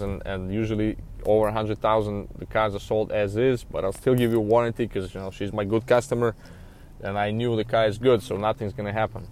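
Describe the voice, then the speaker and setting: A used car dealer tells a story in a casual, rambling way, full of "you know" fillers and with a frustrated edge. His voice is fairly low, a little mellow, and clean in tone.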